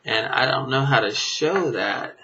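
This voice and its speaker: A man's voice: mid-range voice, lively intonation, a little slow, sharp tone, a little hiss or hum. A man teaching a card trick in a casual, rambling way, full of fillers and chuckling at himself. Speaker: magic teacher. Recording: dull lo-fi camera audio.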